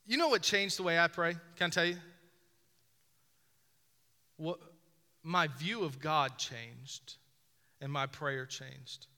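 A man's voice: on the high side, slow, long pauses, bright, forceful tone. A man preaching a sermon as pastor, building emphasis with repeated phrases and direct appeals to his listeners. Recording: reverberant hall.

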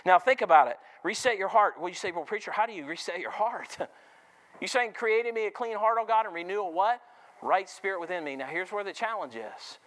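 A middle-aged male preacher with a high voice delivers a sermon in a church full of people. He tells stories and keeps turning to the congregation with questions. His pitch climbs and swoops as he builds his points. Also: expressive, brisk, a bit bright. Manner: storytelling, asks the congregation questions.

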